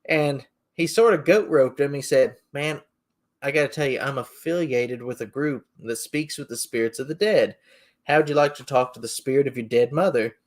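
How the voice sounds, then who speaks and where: A man's voice: medium pitch, normal speed. A man hosting a podcast, telling a story in a rambling, folksy way. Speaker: podcast host. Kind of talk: casual storytelling.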